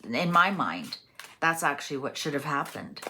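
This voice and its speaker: Low-voiced woman reading tarot cards. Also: sing-song, normal speed, pushed and bright, a little hiss or hum. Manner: chatty, musing aloud with frequent fillers. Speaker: tarot reader. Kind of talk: casual tarot reading monologue.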